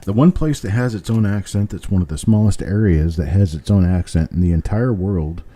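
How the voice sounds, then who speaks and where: A man's voice: deep voice, a little fast, dark tone. An older man with a general American accent, hosting a live stream and chatting casually with viewers in a rambling, easygoing way. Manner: rambling, easygoing, chuckles often. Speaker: host of a live coin roll hunt stream.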